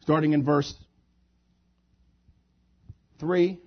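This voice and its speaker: A man's voice: mid-range voice, unhurried, breathy edge. A male pastor delivering a sermon, preaching emphatically with repeated phrases, on a dull lo-fi recording.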